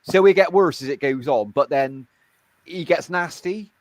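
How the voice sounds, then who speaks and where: A man's voice: on the high side, a little slow, no echo. Blunt, sweary man chatting. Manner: blunt, swears a lot, repeats himself. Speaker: streamer. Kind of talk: casual chat.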